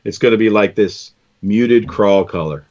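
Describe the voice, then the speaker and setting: A man's voice: fairly low pitch, a little slow, darkish tone, dull audio. A man hosting a live stream, chatting casually and enthusiastically while tying fishing lures, often calling people "man".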